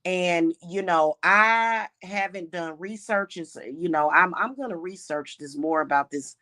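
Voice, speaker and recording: A woman's voice: on the low side, a little slow, pushed and bright. A woman who practices witchcraft and hosts her own channel, talking in an emphatic, indignant unscripted monologue full of restarts and repeated words.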